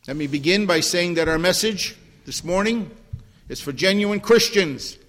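Male preacher giving a sermon, kinda high voice, long church echo, gets loud on the big points and hushed praying. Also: normal speed. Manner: rises in pitch and force when preaching, drops low in prayer. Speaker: pastor. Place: church sanctuary.

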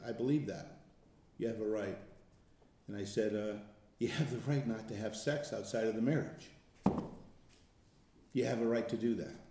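A man talking casually to a group, telling stories and stressing points with slow, emphatic words. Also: medium pitch, darkish tone. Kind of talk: casual testimony talk. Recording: echoey room.

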